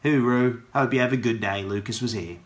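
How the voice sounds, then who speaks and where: A man's voice: mid-range voice, brisk. A man with an Australian accent, casually telling a playful story crammed with Aussie slang. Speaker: vlogger.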